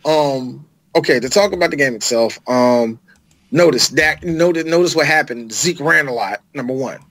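A man co-hosting a casual sports podcast, talking fast and animated, profane, with lots of laughter. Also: medium pitch. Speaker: podcast co-host.

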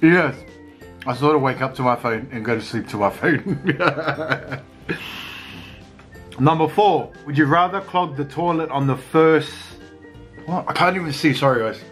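A slow, easygoing man hosts a family eating video from home and chats straight to his camera mic. His voice sits a little high for a man, and he laughs between bites. Soft music plays faintly behind him. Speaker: family vlogger. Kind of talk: casual mukbang chat.

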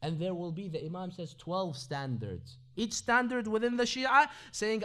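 A man's voice: high-pitched, expressive, moderate pace, few pauses, fairly bright tone. A man giving a Ramadan religious lecture at an Islamic centre, moving between recited Arabic sayings and English explanation with rhetorical questions.

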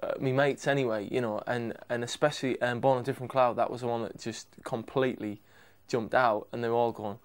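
A man's voice: medium pitch, steady tone, quick pace, hardly any pauses. Enthusiastic rambling man telling stories. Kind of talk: casual interview chat.

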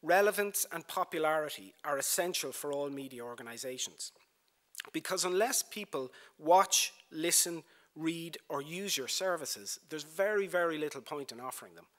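A man delivering a prepared lecture in a university theatre, building his points through measured rhetorical lists and repetition. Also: on the high side, expressive, fairly bright tone. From Ireland. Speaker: broadcasting executive giving a lecture. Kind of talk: formal prepared speech.

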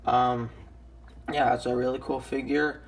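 A young man with a raspy, just-woken-up voice, casually reviewing a toy with lots of ums and restarts. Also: medium pitch, flat delivery, a little slow. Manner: hesitant, many ums and restarts.

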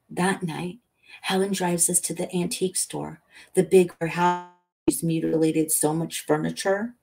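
Low, gravelly woman reading a bedtime story. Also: faint music behind. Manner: calm, unhurried reading with lifted voices for quoted characters. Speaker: audiobook reader.

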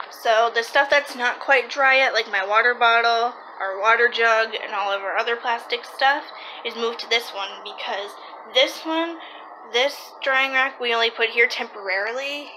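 A woman's voice: on the high side, normal speed, noisy background. A woman vlogging casually from her home kitchen, rambling and correcting herself as she talks. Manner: chatty, rambling, self-correcting. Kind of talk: casual vlog narration.

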